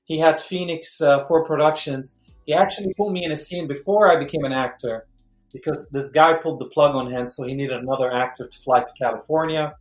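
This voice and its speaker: Middle-aged male guest, a lively storyteller, voice a bit high, room echo and faint music behind. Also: fairly quick. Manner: lively, acts out quotes with jumps in pitch. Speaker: guest actor. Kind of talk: animated storytelling. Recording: roomy echo.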